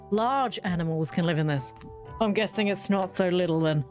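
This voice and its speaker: A woman's voice: lowish voice, moderate pace, darkish tone, soft background music. A woman streamer chatting casually and rambling while she plays a game, often poking fun at herself and giggling. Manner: rambling, self-mocking, giggly. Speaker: gaming streamer. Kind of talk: casual let's-play chat.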